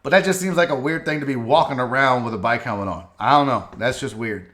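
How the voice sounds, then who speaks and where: A male talk show host giving a profane, animated comedic commentary on a viral video, laughing often. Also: mid-range voice, quick pace. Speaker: sports radio host.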